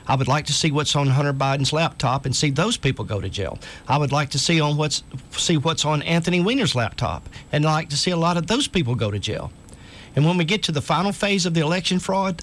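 A man's voice: fairly high pitch, a bit bright. A man hosting a talk radio show, speaking in an earnest, urgent way and reading articles aloud to listeners.

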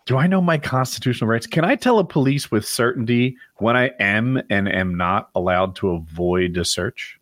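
Low-voiced man musing in casual chat. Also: moderate pace, hardly any pauses, a bit bright, no echo. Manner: reflective, wondering aloud, laughs easily. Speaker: podcast co-host.

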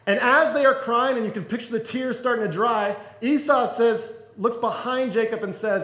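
A man preaching as pastor, retelling a story with humor and animated acted-out quotes. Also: very high voice, normal speed, few pauses. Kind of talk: storytelling sermon. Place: church hall. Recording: echoey room.

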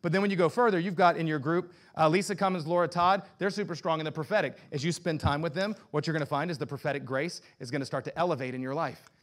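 A man's voice: on the high side, fast, few pauses. A man preaching as a pastor, talking to his congregation in a sermon full of rhetorical questions and direct address. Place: church sanctuary.

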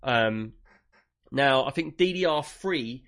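A man's voice: medium pitch, lively intonation, slow pace, a bit bright. English male co-host, casual and joking, mid-range voice. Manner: chatty, jokey, reads listener questions aloud. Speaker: podcast co-host. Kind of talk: casual chat.

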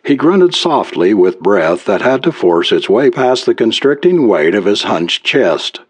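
Husky male audiobook narrator. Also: on the low side, sing-song, a little slow, dry recording.

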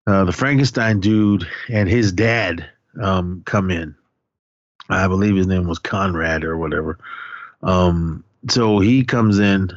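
A man's voice: deep voice, dry recording, muffled recording. A man casually recapping a horror movie with a co-host, rambling and profane, often laughing and acting out lines.

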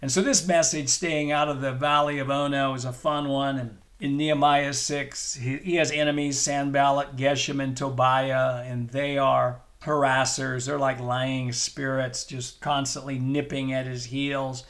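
A man's voice: mid-range voice, little pitch movement, a little slow, hardly any pauses, a bit bright. A middle-aged man preaching a podcast sermon with enthusiastic, emphatic delivery and repeated phrases. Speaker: pastor.

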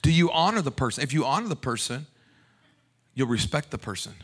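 A male pastor preaching a sermon in an animated, playful way, joking back and forth with the congregation. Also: medium pitch, fairly quick.

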